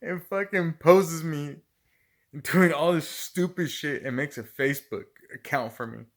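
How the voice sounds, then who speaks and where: A slightly high, slightly slow voice carries this middle-aged man's casual work stories. He's animated and profane, cursing constantly and frequently laughing mid-tale.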